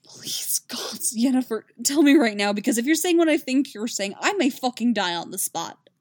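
A woman's voice: mid-range voice, animated, normal speed, darkish tone, dry recording, natural voice. Woman voicing a lovestruck young male bard, pleading, breathless, dry recording. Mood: urgent.

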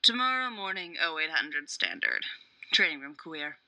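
A woman's voice: low-pitched, sing-song, normal speed, pushed and bright, heavily acted. A woman reading the part of a cocky, mocking male soldier trainer in a sing-song, taunting way.

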